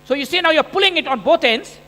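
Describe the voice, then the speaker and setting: A fast-talking man from India, his voice unusually high and bright, narrates a surgery in the first person over video during a conference lecture. He's lively and full of jokes, and the stage microphone carries a long hall reverb.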